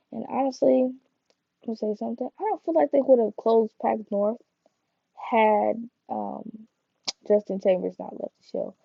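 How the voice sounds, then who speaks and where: A woman's voice: mid-range voice, lively intonation, normal speed, gravelly, no echo, muffled recording. A woman reviewing a TV episode in casual, rambling chat, full of fillers and slangy asides. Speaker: TV review vlogger.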